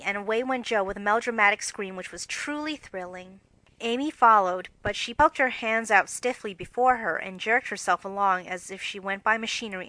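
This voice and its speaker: A woman narrating an audiobook with expressive, measured storytelling. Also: mid-range voice, no echo, rough recording. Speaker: audiobook reader.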